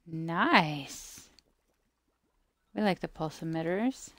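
A woman talks her way through a video game in a relaxed, unhurried commentary, her voice a little low with a gravelly edge. She chats to the creatures on screen and mock-scolds them now and then. The sound is dry and close, with no room behind it. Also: dry recording. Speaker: gameplay video maker. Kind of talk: casual gameplay commentary.

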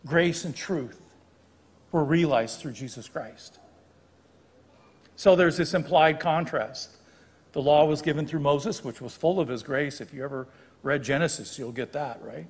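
The guest preacher here is an older man whose fairly high, slightly rough voice unfolds unhurriedly, with long pauses and a lingering reverb tail in the church sanctuary. He talks through scripture conversationally, correcting himself every so often.

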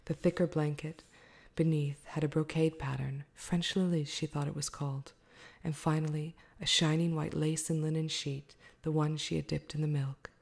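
A woman reading a novel aloud in soft-spoken ASMR style, slow and hushed, often slipping into a whisper. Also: low voice, little pitch movement, vocal fry. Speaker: ASMR storyteller.

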